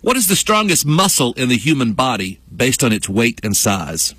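A man's voice: mid-range voice, sing-song, moderate pace, a bit bright, breathy edge, dry recording. A man hosting a morning radio show, chatty and playful, joking with his co-host in the studio. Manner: chatty, playful, repeats himself for laughs. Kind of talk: jokey morning radio banter. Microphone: studio microphone.

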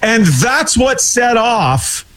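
A man's voice: very high voice, sing-song, extremely slow, a bit bright. A man telling an exasperated, rambling story in casual chat over a video call. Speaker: hockey podcast co-host and weekly guest.

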